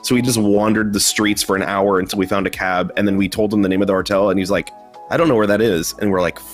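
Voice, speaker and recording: A man hosting a casual online chat over a video call, chatty and quick to laugh, often restarting his sentences. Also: lowish voice, fairly even intonation, soft background music. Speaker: host.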